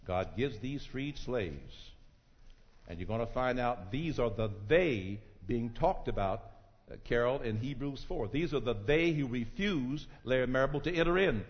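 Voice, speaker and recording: A man preaching a sermon, dropping to low murmurs and rising to shouted climaxes, calling out to listeners in the pews. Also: lively intonation, unhurried. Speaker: pastor. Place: church sanctuary. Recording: dull echoing church recording.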